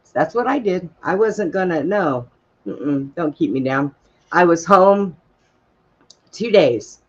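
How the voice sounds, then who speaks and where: A man's voice: fairly high pitch, lively intonation, slow, slightly rough, muffled recording. Blunt folksy man telling stories. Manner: blunt, folksy, swears casually, laughs at own stories. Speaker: open mic storyteller. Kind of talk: casual personal storytelling.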